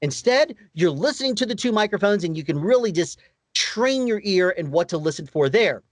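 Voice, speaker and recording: A man with a higher-pitched voice giving practical audio advice as an interview guest, explaining step by step and asking rhetorical questions. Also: expressive, brisk, no room sound.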